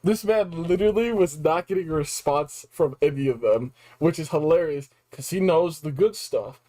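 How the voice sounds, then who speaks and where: A man's voice: a little high, moderate pace, dark tone. A man casually recapping a video game in a slangy, rambling way, sounding like he has a cold. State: sick with a cold. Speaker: game reviewer.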